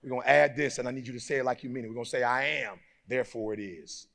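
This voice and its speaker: A man giving a live motivational speech to an audience, moving from low, close talk to shouted call-and-response, in a preacher-like manner. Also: racing, gravelly. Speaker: motivational speaker. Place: large hall before a live audience.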